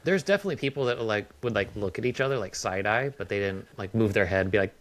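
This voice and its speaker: A man's voice: fairly low pitch, fast, a bit bright. A man co-hosting a podcast, telling casual stories and acting out quoted lines. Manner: storytelling, acts out quotes. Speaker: podcast co-host. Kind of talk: casual chat.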